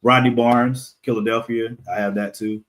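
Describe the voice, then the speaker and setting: A man from the United States talking casually as a podcast guest, halting with fillers and laughing often. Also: medium pitch, flat delivery. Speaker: podcast guest, comic creator. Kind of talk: casual interview conversation.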